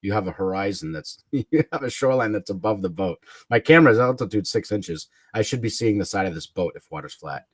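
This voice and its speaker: A man's voice: lowish voice, lively intonation, fairly quick, no room sound. A man hosting a livestream, ranting in a combative, mocking way, swearing and chuckling between jabs. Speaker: livestream host.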